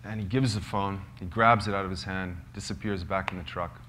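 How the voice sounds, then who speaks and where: A man, a filmmaker, telling a true story to a small live group, halting and searching for words with many fillers. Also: sits low, steady tone, noisy background. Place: cozy lodge hall gathering.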